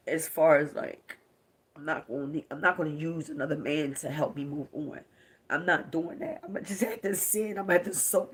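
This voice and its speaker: A woman's voice: low voice, husky. A young woman with a Baltimore accent, speaking to her viewers on a live stream in a grieving, confiding way. Her voice often drops to a whisper, and she is recorded close on a phone.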